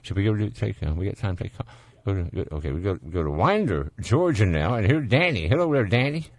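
A man's voice: fairly low pitch, sing-song, fast talker, darkish tone, no echo. A man with a Southern US accent hosting a call-in radio show, folksy and chatty, laughing easily with callers. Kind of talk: casual call-in radio chat.

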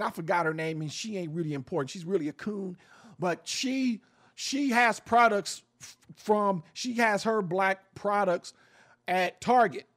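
A man who hosts a radio show, giving passionate social commentary in an emphatic, preachy way and swearing freely. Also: sits high. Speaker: radio show host, guest on a podcast.

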